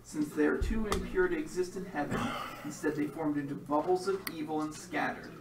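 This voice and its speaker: A man running a tabletop role-playing game as game master, with steady descriptive narration and quick rule calls. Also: on the high side, noisy background. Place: room with several players. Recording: roomy sound from a distant mic, crowd chatter.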